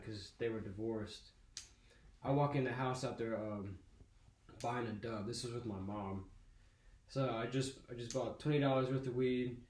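A man's voice: mid-range voice, a little mellow. A young man telling a long, profane story on a casual podcast. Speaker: podcast host. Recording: echoey room with faint noise.

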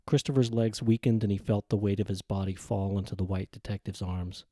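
A man narrates his short story in a calm, measured way, his voice low and mellow. The recording is close and dry, with no room sound behind him. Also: no room sound. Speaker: author reading his own short story. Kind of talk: scripted audiobook narration.

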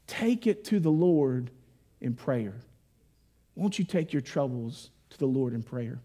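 Pastor, man, high voice, impassioned sermon with direct appeals. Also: unhurried, mellow. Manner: impassioned, rising and falling preaching with direct appeals to the congregation.

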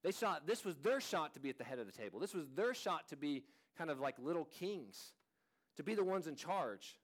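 A man's voice: on the high side, very animated, fairly quick. A man in his thirties preaching a sermon as a pastor, in an earnest, conversational way, often restarting his sentences.

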